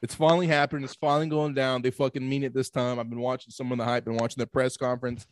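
A man's voice: medium pitch, flat delivery, fast, background noise. A man chatting casually as a podcast co-host, rambling and swearing, with lots of filler words. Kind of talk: casual chat.

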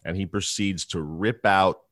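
Telling a true-crime story in a casual, conversational way, a deep-voiced man keeps restarting sentences and tossing in asides. His tone is steady, a bit bright, and a little slow, and the sound is close and dry with little room echo.

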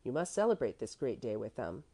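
A woman's voice: rumbling low, very animated, fairly quick, dark tone, pitched below the performer's own voice, heavily acted. A woman reading the part of a stern old grandmother who speaks in a severe, clipped way.

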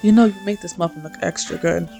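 A woman voicing a scruffy, stern man who is gruff but gentle, speaking in plain, low reassurance in a fanfic reading. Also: fast, faint music behind.

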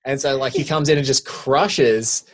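A man's voice: medium pitch, steady tone, unhurried. Film podcast co-host, a man who rambles and keeps restarting with lots of "like". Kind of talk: casual film chat.

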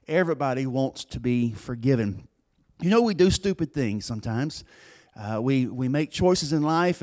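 A man preaching a sermon as pastor, earnest and plain-spoken, telling a story with pauses and restarts. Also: mid-range voice, darkish tone.

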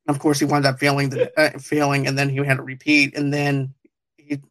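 A man's voice: medium pitch, completely flat delivery, a little fast, fairly bright tone. A man hosting a podcast, reviewing a TV show in casual chat, rambling and laughing often. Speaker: podcast host.

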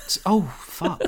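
A man's voice: extremely high pitch, vocal fry, pushed and bright. A man co-hosting a casual film chat, sweary and laughing often, acting out lines in funny voices. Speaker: podcast co-host.

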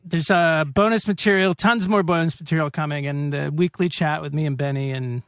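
A man's voice: a little high, steady tone, a little fast, no room sound, clean studio sound. A man co-hosting a podcast in casual chat, upbeat, reading out names in a bouncy sing-song. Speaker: podcast co-host.

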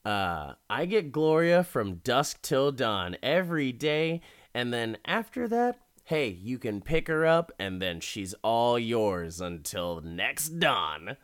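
A man's voice: medium pitch, sing-song, slow, fairly bright tone, smooth. A man voicing a smug, obsessive rich man who boasts while he blackmails. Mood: gloating.

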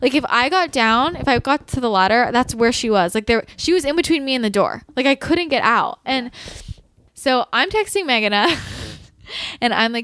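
A woman's voice: on the high side, moderate pace, dry recording. A young woman telling a dramatic story in casual chat, full of "like" and restarts. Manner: animated, fillers of "like", dramatic retelling. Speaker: storyteller guest.

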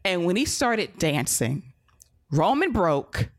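A woman's voice: on the low side, big pitch swings, slow. A woman hosting a casual podcast, recapping in a blunt, profane and sarcastic way. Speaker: podcast host.

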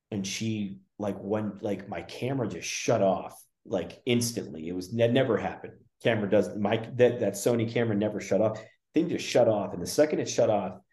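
Guy rambling along, lots of you-knows, low mellow voice, kinda echoey room. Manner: rambling, with many restarts and "you know" fillers. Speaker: spiritual medium guest. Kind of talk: casual conversation. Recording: roomy echo.

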